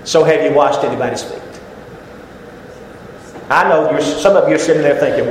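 A man preaching a sermon in a church, dramatic, climbing to shouts and dropping to a hush. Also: fairly high pitch, moderate pace, long pauses. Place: church sanctuary. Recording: very echoey hall with faint noise.

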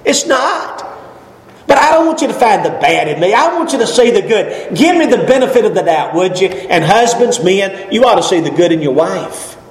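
Folksy preacher in an echoey church. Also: male voice, high voice, very animated, normal speed. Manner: folksy, emphatic preaching with jokes and rising exclamations. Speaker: pastor. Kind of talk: sermon. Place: church sanctuary. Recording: echoey church hall with faint ambience.

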